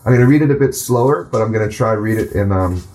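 A man teaching a class, speaking in an unhurried way and pausing often with ums and uhs. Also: fairly low pitch, lively intonation, darkish tone. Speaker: language and culture teacher. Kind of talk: informal class talk.

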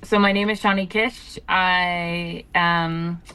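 A woman from Canada, a musician guest, speaking softly and reflectively with hesitant fillers, calling in to an interview. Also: on the low side, fairly even intonation, slow, clean tone. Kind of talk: interview over a call.

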